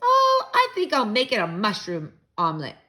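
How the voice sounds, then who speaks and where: A woman's voice: fairly high pitch, wildly swooping pitch, moderate pace, bright, forceful tone, slight background noise, pitched above the performer's own voice, heavily acted. A woman doing a hearty, boastful dad. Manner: hearty and emphatic. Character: cheerful, boastful father cooking for his kids.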